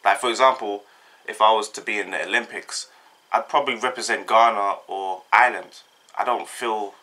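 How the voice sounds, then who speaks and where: A young man chats casually on his vlog, laid-back and full of slang. His pitch sits a little low, but his tone comes through bright and forward. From Britain. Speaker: vlogger. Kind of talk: casual chat.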